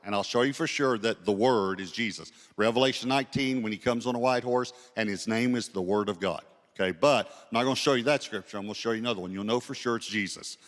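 A male pastor preaching a sermon, telling a story with quoted dialogue and slowing down to read scripture aloud. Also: on the low side. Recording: long hall reverb.

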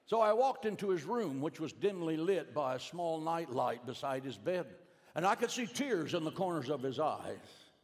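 A middle-aged male pastor telling a family story in a sermon, swinging from hushed lines to emphatic bursts. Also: fairly high pitch. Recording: long hall reverb.

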